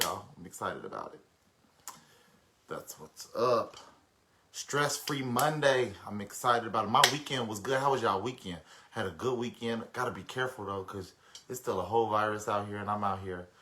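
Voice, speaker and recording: A man with a bright, forceful voice talks casually on a live stream. He greets viewers one by one and chats loosely, with plenty of fillers. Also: lowish voice. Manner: chatty, greets viewers by name, many fillers.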